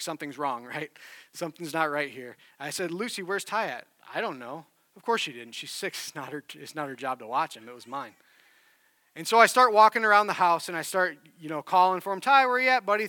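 Male pastor, conversational sermon, earnest storyteller, bright tone, dry close mic. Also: a little high, clean tone, dry recording.

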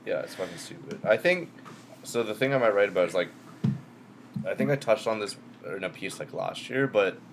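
Brief: young male co-host, lowish voice, offhand profane chat, slight noise in the background. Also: lively intonation, brisk. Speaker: podcast co-host. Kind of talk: casual sports chat.

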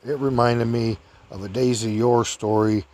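An older man casually telling a rambling personal story, chuckling often and raising his voice high to act out other people's lines. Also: steady tone, normal speed, a little mellow.

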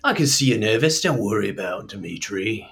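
A man doing a friendly, streetwise hustler in a tabletop game, coaxing and chummy. His voice sits fairly low. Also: lively intonation, brisk, creaky, a bit bright. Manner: chummy, coaxing, calls people mate. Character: smooth-talking streetwise adult man, chummy.

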